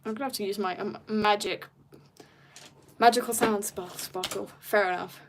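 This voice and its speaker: A noisy background sits behind this woman's steady, medium-pitched voice at normal speed. She draws on stream while casually rambling in jokes, occasionally fading into soft mutters.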